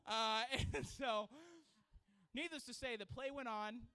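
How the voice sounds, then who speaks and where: A man who is a children's pastor, preaching a sermon and telling a story in an animated way with frequent laughter. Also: very high-pitched, unhurried, clean tone, poor audio. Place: church sanctuary.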